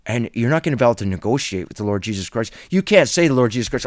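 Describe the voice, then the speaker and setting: A man giving a solo Bible teaching video in an earnest, insistent, preacherly way, sometimes halting and restarting as he improvises. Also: medium pitch, lively intonation, no room sound, clean studio sound.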